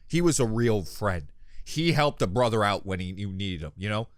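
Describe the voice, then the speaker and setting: A young man hosting a reaction video, talking casually with jokes and swearing, and yelping loudly when something startles him. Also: fairly low pitch, expressive, moderate pace, dry recording. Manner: jumpy, loud exclamations when startled; swears freely, jokey.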